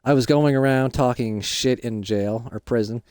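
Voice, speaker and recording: A man voicing a gruff middle-aged dad fresh out of prison, who tells his jail stories in a boastful, rambling way. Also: medium pitch, moderate pace, a little mellow, dry recording, studio quality, voice pushed down, close to an everyday voice.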